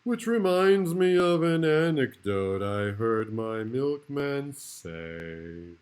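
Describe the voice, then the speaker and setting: Playful male teacher reading a rhyming storybook aloud; slow, very expressive. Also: medium pitch, clean tone. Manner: playful, rhythmic rhyming delivery. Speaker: kindergarten teacher.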